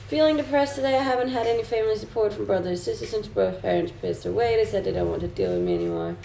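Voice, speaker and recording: A woman's voice: mid-range voice, sing-song, fast talker, creaky, mellow, slight background noise. A young adult woman streaming live, chatting casually and reading comments aloud with easy laughs. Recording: roomy sound with faint music behind.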